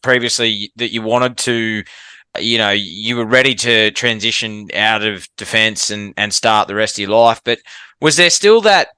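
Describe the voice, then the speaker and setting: A man's voice: lowish voice, moderate pace, pushed and bright, clear, resonant tone, dry recording. An Australian man hosting a podcast, asking questions enthusiastically and saying "mate" a lot. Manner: enthusiastic, says "mate" often. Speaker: podcast host, firefighter. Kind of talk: casual podcast interview.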